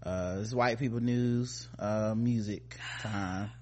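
A man's voice: on the low side, fairly even intonation, slow, darkish tone, slight background noise. A man hosting a podcast, joking loosely and laughing often. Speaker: podcast host. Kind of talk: casual podcast banter.

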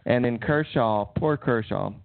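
A man's voice: medium pitch, a little slow, vocal fry, no room sound. A man co-hosting a casual sports chat, hesitant with lots of fillers. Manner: hesitant, many fillers, relays news. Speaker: podcast co-host. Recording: tinny phone-like line, dry.

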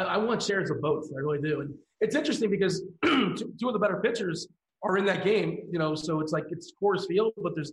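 A man hosting a fantasy baseball strategy show from an office, briskly handing topics to his co-hosts. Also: fairly high pitch, a little hiss or hum. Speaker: host. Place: office room. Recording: echoey office room.

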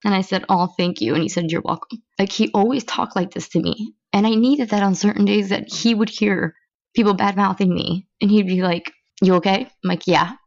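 A woman's voice: mid-range voice, fairly quick, vocal fry, darkish tone, highs cut off. A woman hosting a podcast, talking through her feelings in a blunt, emotional monologue and swearing freely. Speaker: podcast host. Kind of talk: candid personal monologue.

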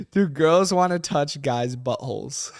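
Young guy podcast host, kinda high voice, giggly and rambly, dry close sound. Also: lively intonation, takes it slowly, dry recording. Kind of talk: casual chat.

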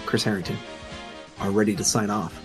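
A man's voice: on the low side, steady tone, a little fast, music in the background. A man hosting a podcast in casual chat, his voice grainy as it recovers, rambling with many fillers. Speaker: podcast host.

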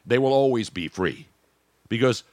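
A man's voice: mid-range voice, expressive, moderate pace, darkish tone, no echo, studio quality. A man hosting a casual sports talk show, joking and rambling between topics.

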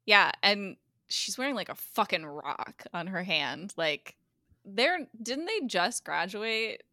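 A woman co-hosting a podcast, telling an episode's events in a lively, casual way and swearing freely. Her voice is bright and forceful. The sound is dry and close, with no room around it. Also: mid-range voice, takes it slowly, no echo. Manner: animated storyteller, acts out characters' lines, laughs often, swears casually. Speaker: guest co-host recapping a TV episode. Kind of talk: casual podcast recap chat.

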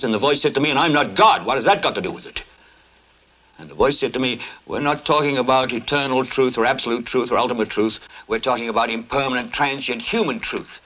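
A man's voice: mid-range voice, fairly bright tone, poor audio. An actor playing a weary male television news anchor, telling a brooding, wry story in a film monologue. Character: weary middle-aged male TV anchor confessing.

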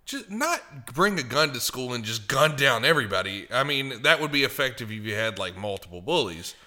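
Guy cohosting a podcast, super bright sharp voice, jumpy pitch, swears constantly, edgy jokes. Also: big pitch swings, brisk. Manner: crude, provocative dark humor, heavy swearing. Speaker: podcast co-host. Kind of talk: casual chat.

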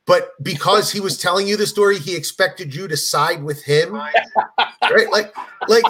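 A middle-aged man, a comedian guest, telling an anecdote in casual chat and acting out voices as he goes. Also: high voice. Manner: animated storyteller, acts out voices in anecdotes.

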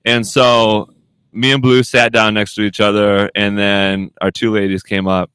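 A man's voice: lowish voice, little pitch movement, measured pace, a bit bright, clean tone, dry recording. A young man hosting a podcast, telling stories in loose, profane, casual banter. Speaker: podcast host.

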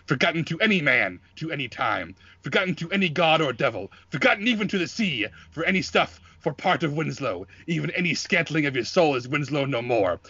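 A man's voice: medium pitch, sharp tone, slightly rough, no echo, heavily acted. A man playing a grizzled old male lighthouse keeper who bellows a curse in archaic sailor talk, on dull lo-fi audio.

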